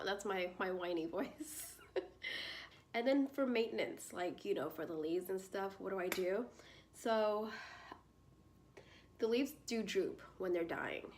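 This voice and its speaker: A young woman talking through plant care in a chatty, bubbly way, with lots of fillers and frequent laughs. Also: mid-range voice. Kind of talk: casual tutorial chat.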